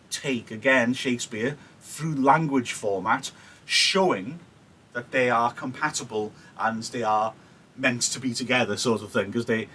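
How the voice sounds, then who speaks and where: A man's voice: medium pitch, sharp tone, slight background noise, poor audio. A male teacher, giving a chatty live-streamed literature lesson and checking in with "yeah?" asides. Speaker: English teacher.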